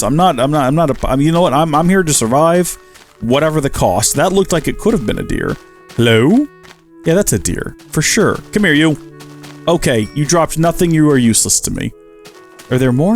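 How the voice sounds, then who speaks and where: A man's voice: mid-range voice, vocal fry. A man giving casual, chatty commentary while playing a survival game, talking to the animals he meets and joking with himself. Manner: chatty, talks to animals and himself, jokey asides. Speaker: Minecraft let's-play host.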